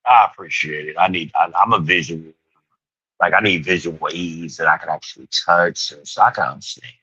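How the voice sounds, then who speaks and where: A man's voice: deep voice, brisk, sharp tone, breathy edge, no room sound, muffled recording. A man hosting a podcast, talking loosely with swearing and frequent laughs. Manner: loose, profane, laughs often. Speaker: podcast host. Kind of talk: casual chat.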